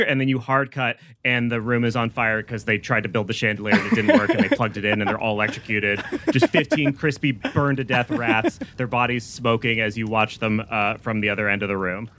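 A man narrating a tabletop game as guest game master, in a dry, deadpan way. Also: fairly low pitch, a little fast, hardly any pauses, no echo.

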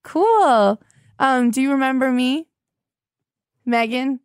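A woman's voice: a little high, a little fast, no echo, clean studio sound. A woman in her twenties hosting a comedy podcast, blunt and erratic, oversharing in improvised calls. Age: 20s. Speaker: podcast host.

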